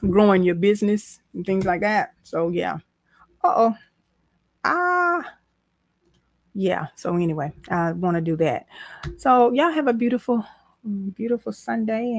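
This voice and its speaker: A woman's voice: medium pitch, gravelly, darkish tone, no echo. A woman hosting a casual motivational livestream, talking in a preachy, folksy way and repeating lines for emphasis. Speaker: business strategist, livestream host.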